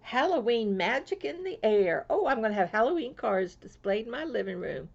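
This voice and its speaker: A woman from Florida chatting casually to her viewers as she opens mail, gushing and excitable and swooping high over each gift. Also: moderate pace, gravelly. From Florida, USA. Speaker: crafting vlogger. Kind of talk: casual chat opening mail. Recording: lo-fi home video sound.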